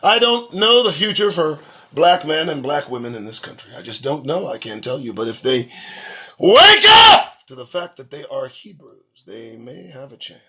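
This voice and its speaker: A man's voice: on the high side, wildly swooping pitch, normal speed, pushed and bright. Guy ranting over the news on his own show, swears a lot, sarcastic, voice swings all over. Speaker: show host. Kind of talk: solo commentary on news headlines.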